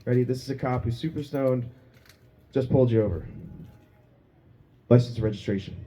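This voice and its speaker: A man's voice: medium pitch, a little fast, mellow. A man doing a crude, self-mocking stand-up set on a small pub stage, laughing at his own jokes. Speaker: stand-up comedian.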